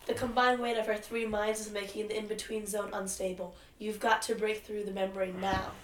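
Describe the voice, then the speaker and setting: A woman's voice: medium pitch, level tone, moderate pace, distant mic, close to an everyday voice. A woman voicing a devoted young cyberpunk warrior princess in a comedy script reading, with an earnest, heroic delivery. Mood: urgent. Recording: echoey room, faint noise, off-mic.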